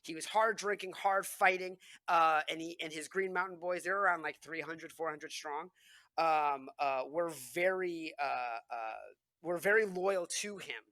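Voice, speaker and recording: A man's voice: on the high side, a little slow, dry recording. A young man co-hosting a casual history podcast, telling stories in a rambling way, full of fillers and restarts. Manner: rambling, many fillers and restarts, animated storytelling. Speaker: podcast co-host.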